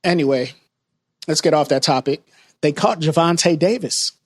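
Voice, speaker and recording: A man's voice: a little high, normal speed. A man co-hosting a podcast in casual chat, repeating his points insistently and steering the topics. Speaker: podcast co-host.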